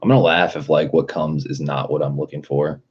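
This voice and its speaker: A man with an extremely deep, husky voice rants on a casual livestream, rambling and swearing freely with plenty of "like." The audio is dull and lo-fi. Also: level tone, fairly quick, a little mellow. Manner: profane, rambling, lots of "like". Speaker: livestreamer reading chat.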